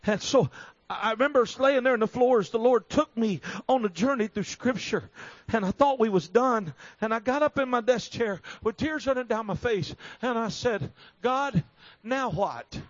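A man preaching a revival sermon in a fervent, storytelling way that builds to emphatic shouting. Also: very high-pitched, normal speed, dry recording. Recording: slightly dull recording.

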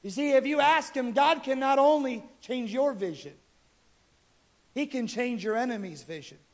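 A man with a strikingly high voice preaches, telling a scripture story in a loose, conversational way. He is animated and relaxed with his listeners. This is sermon storytelling. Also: normal speed. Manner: casual, animated retelling of scripture.

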